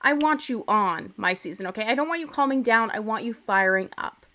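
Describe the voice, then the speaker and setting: A woman's voice: fairly high pitch, expressive, a little fast, pushed and bright. A young woman hosting a podcast, recapping reality TV in a chatty, opinionated and playfully dramatic way. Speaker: podcast host. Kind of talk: casual TV recap.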